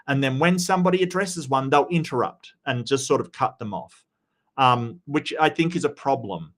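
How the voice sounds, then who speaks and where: A man's voice: mid-range voice, normal speed, fairly bright tone. A man giving casual commentary on video clips, rambling and often stammering as he restarts his sentences. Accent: non-American.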